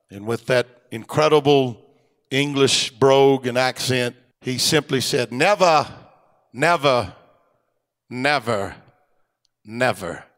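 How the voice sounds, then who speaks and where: A middle-aged man preaching a fervent Pentecostal sermon, rising to loud, high exhortation and dropping to soft asides. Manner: fervent preaching that swells louder and higher, then drops to a soft aside. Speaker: pastor. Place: church sanctuary. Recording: long church hall reverb.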